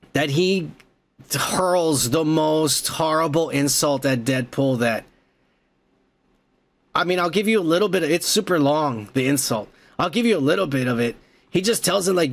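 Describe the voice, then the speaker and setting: A man hosting a podcast, excitedly recapping a movie in a casual, profane, rambling way. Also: high voice. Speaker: podcast host.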